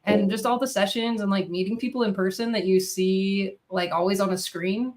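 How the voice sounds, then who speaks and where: Young woman, guest developer, giggly, casual, mid-pitched voice, video call. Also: steady tone, normal speed, a little mellow. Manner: giggly, distracted, lots of "like" fillers. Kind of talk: casual chat.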